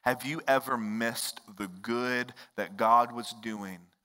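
A man preaching a sermon as pastor, swinging between loud exclaims and hushed low lines and acting out the quoted voices of characters. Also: steady tone, slow pace, big-room sound.

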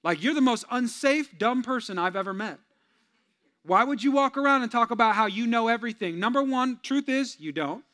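A male pastor preaching in a high, lively voice. He pushes hard on his main points, then drops to quiet, joking asides to the congregation. His delivery is animated and conversational. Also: a little fast. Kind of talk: sermon.

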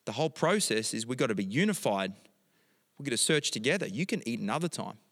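A middle-aged pastor preaching, his voice carrying through a large hall with a long reverb. He shifts from storytelling into emphatic prayer at a mid pitch. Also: very animated, quick pace, fairly bright tone. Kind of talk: sermon.

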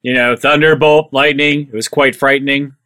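Bright dry-voiced man playing a tabletop character. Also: mid-range voice, flat delivery, no room sound. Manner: dry, sarcastic, quick. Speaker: player.

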